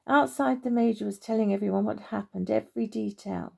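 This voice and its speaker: Lady reading a kids story, gravelly and gentle, warm mellow tone. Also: mid-range voice, steady tone, a little fast, hardly any pauses. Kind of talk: reading a children's story aloud.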